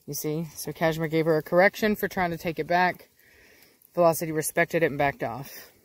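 A woman hosting a casual dog vlog outdoors. She explains training in a chatty way and switches to coaxing baby talk and sharp commands for her dogs. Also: low voice, steady tone, a little fast, no room sound. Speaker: dog breeder and channel host.

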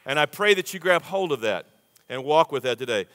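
A man's voice: on the high side, expressive, a little fast, fairly bright tone. A man preaching a sermon to a congregation in a folksy, conversational way, calling on the crowd to answer back. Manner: folksy, conversational preaching with audience call-and-response. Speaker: pastor. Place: large church sanctuary. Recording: long reverb of a big church hall.

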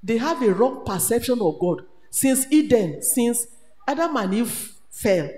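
A woman with a Nigerian accent preaching at a retreat in an animated manner. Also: fairly high pitch, unhurried. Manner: animated, switches between English, Pidgin and Yoruba. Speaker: retreat speaker. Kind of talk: sermon. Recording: echoey hall with long reverb.

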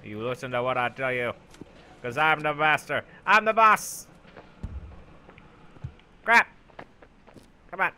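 A young man commentating his own gameplay, bragging goofily about being a genius and yelling for help in mock panic. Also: mid-range voice, big pitch swings, takes it slowly, long pauses, slight background noise. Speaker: gaming YouTuber. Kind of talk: let's play commentary.

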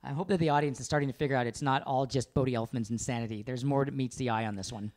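A man's voice: medium pitch, steady tone, very fast, a little mellow. Exasperated man ranting in casual chat. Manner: emphatic, exasperated, mimics his partner. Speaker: podcast co-host.

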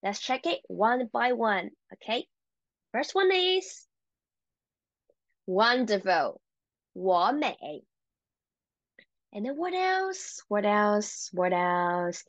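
A woman teaching a Chinese language lesson, encouraging and repeating words slowly for learners. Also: mid-range voice, sing-song, no echo.

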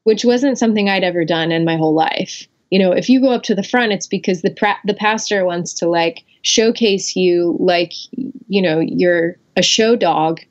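A woman's voice: fairly low pitch, normal speed. Reflective woman guest on muffled audio. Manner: reflective, with frequent fillers and self-corrections. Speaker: podcast guest. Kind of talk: candid personal storytelling. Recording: dull lo-fi audio.

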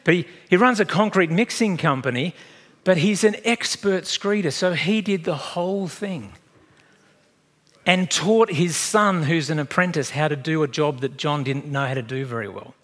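A man preaching a sermon in a conversational, animated way, acting out little dialogues and turning emotional at times. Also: fairly high pitch, moderate pace. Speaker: pastor. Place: church.

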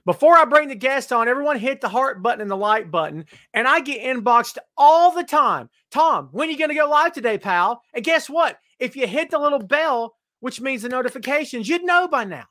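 A man's voice: very high-pitched, animated, a little fast, hardly any pauses, pushed and bright, no room sound, clean studio sound. A middle-aged man hosting a live-streamed wrestling podcast, joking and teasing as he greets viewers by name. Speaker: podcast host. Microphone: webcam live stream.

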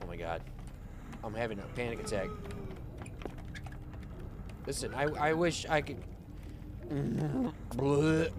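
A man's voice: mid-range voice, big pitch swings, normal speed, pauses often, background noise. A man streaming a horror game, panicky and frantic, swearing as he reacts. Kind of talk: live horror game commentary.

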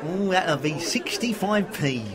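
A man's voice: sits high, animated, unhurried. A man playing a dim, cheery shop assistant in a radio comedy, dithering and easily confused. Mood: chirpy. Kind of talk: amateur radio comedy acting.

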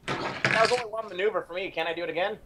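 A man playing a tabletop game, talking hesitantly with many pauses and restarts. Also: high voice, pushed and bright, a little hiss or hum, poor audio. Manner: hesitant, full of ums and restarts. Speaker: player. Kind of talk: casual tabletop game chat.

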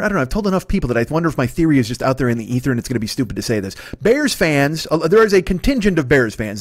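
A man in his fifties hosting a solo comedy podcast, ranting in a fast, profane, rambling way with lots of restarts. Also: mid-range voice, no room sound, clean studio sound. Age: 50s. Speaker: podcast host.

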